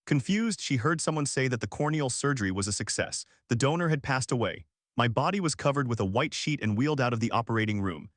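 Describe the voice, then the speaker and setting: A man's voice: mid-range voice, lively intonation, quick pace, fairly bright tone, dry recording, clean studio sound. Earnest male story narrator.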